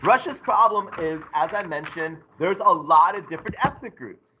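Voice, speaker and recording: A male teacher giving an animated, joking classroom lecture to his students. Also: fairly high pitch, normal speed, dull audio, noisy background.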